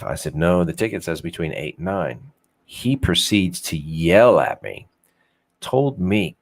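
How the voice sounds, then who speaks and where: A man's voice: low-pitched, expressive, moderate pace. A young man hosting an unfiltered talk show, rambling casually, swearing freely and joking at his own expense. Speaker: podcast host.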